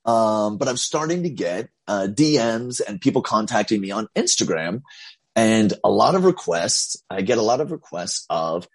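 A man who teaches English online, chatting casually and telling lively stories, acting out the voices of the people in them. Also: lowish voice, normal speed. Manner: animated storyteller, acts out quoted voices. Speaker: English teacher and content creator. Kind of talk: casual chat.

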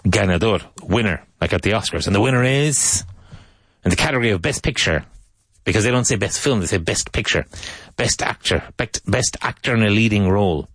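Deep-voiced man drilling English words slowly. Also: fairly bright tone, no room sound, clean studio sound. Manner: repeats words slowly for learners to copy. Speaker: English teacher. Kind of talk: language lesson with spoken drills.

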